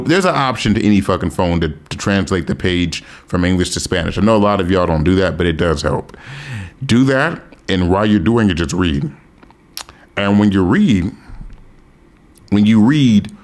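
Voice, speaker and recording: A man giving casual, profane advice to his viewers, animated and emphatic, often repeating himself. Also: low voice, moderate pace. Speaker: language learning vlogger. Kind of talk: casual advice monologue to camera.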